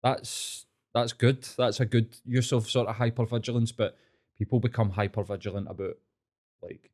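A man's voice: medium pitch, steady tone, moderate pace, a little mellow. A man, casually explaining ideas and swearing now and then.

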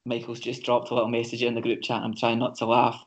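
Flat-voiced man, muffled podcast audio. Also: medium pitch. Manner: measured analysis with frequent ums and restarts. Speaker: podcast co-host. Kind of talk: casual football chat.

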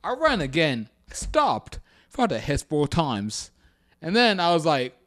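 A man's voice: fairly high pitch, very animated, a little slow, fairly bright tone. A man in casual podcast chat, slangy and swearing, laughing a lot. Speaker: podcast co-host.

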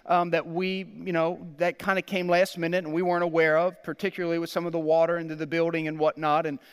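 A man's voice: a little high, monotone, fast talker, clear, resonant tone, in a large hall. A man in his thirties preaching a sermon as pastor. He speaks earnestly and often repeats words as he goes.

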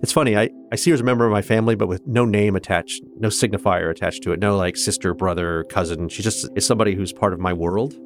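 Interview guest, middle-aged man, very low voice, earnest storyteller, faint music under him. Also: quick pace, few pauses. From Kansas, United States. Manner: earnest, candid, with restarts and laughs. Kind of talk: reflective personal storytelling.

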